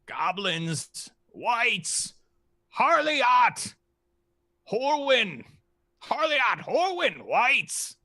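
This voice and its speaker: A man voicing a greedy young dragon that hoards treasure and shrieks its words in excited, repeated bursts. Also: very high voice, drawn-out words, no echo, pitched above the performer's own voice, full character voice. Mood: greedy squawk.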